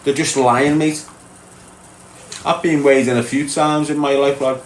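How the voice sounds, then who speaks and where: A Liverpool man hosts a casual livestream, answering viewer comments bluntly and streetwise, calling people mate and lad in his Scouse accent. His mid-range voice is fairly even and a little slow, recorded in a roomy echo with faint background noise.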